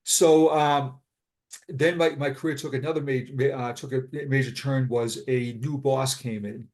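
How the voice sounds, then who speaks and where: In a casual interview, a retired police sergeant in his fifties from Boston, USA, tells his story with a Boston accent. His medium-pitched voice is steady, a bit slow and slightly mellow, and he speaks bluntly and frankly.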